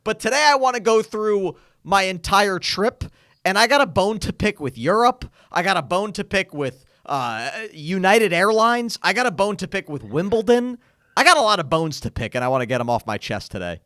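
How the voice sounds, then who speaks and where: A young man co-hosting a podcast, telling a travel story in a casual, animated way and acting out what others said. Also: sits high, normal speed, no room sound, studio quality. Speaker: podcast co-host.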